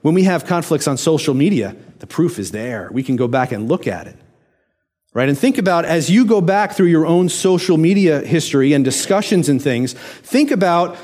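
Pastor, male, preaching in a relaxed talking tone, slightly high voice, keeps asking the congregation questions. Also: moderate pace. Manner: conversational, asks many questions to the listener. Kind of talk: sermon.

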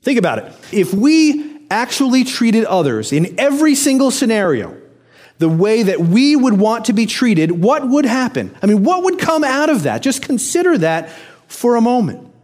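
A man's voice: very high-pitched, very animated, normal speed, a little mellow. A man preaching a conversational sermon, often asking the listeners questions. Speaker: pastor.

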